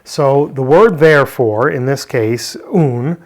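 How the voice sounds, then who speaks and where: A man's voice: mid-range voice, takes it slowly. A man teaching a verse-by-verse Greek word study, explaining step by step and posing rhetorical questions. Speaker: Bible language teacher.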